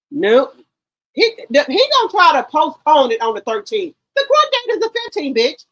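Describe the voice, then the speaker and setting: Animated, profane woman gossip host. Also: high-pitched, normal speed, no echo, poor audio. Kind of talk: casual livestream commentary.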